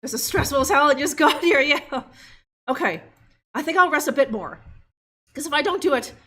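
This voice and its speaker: A woman's voice: high-pitched, expressive, normal speed, bright, forceful tone. A woman streamer chatting casually and laughing as she plays a game live and talks to her viewers. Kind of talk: live gameplay commentary.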